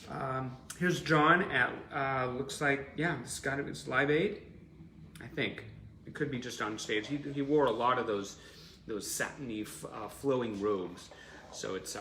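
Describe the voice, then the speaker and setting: A man's voice: medium pitch, bright, forceful tone, reverberant, a little hiss or hum. A man casually commenting on photos during a fan livestream, chatty and playful with frequent fillers and asides.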